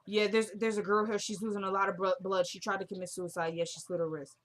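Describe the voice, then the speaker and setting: A woman's voice: mid-range voice, little pitch movement, quick pace, lightly acted. A frantic young son pleads urgently, repeating himself in a rush, as a woman retelling a TV drama puts him on. He sounds desperate and keeps urging and begging. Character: panicked young adult son.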